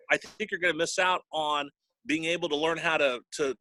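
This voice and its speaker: A man's voice: fairly high pitch, fairly even intonation, a little fast, bright, forceful tone, no room sound, rough recording. A man, a sports broadcaster, telling personal stories in an interview and getting choked up at times. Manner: emotional, gets choked up. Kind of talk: storytelling interview.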